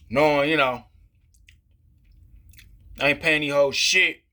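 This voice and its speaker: A man talking to camera in a casual, profane rant, frustrated and rambling, filling every pause with "you know" and restarting his sentences. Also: on the high side, sharp tone. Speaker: vlogger. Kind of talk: casual ranting monologue.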